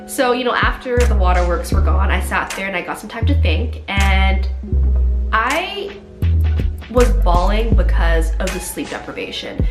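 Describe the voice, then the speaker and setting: A young woman, a new mother, telling her story openly and emotionally, sometimes quoting herself in a higher, strained voice. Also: expressive, moderate pace. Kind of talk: candid personal storytelling. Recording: echoey room with music behind.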